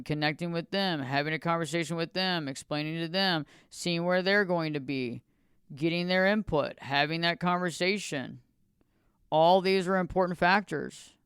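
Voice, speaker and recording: Smooth-voiced man hosting a motivational podcast. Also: fairly high pitch, a bit bright, no echo, clean studio sound. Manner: repetitive, preachy, builds lists of phrases. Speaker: podcast host. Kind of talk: motivational solo podcast talk.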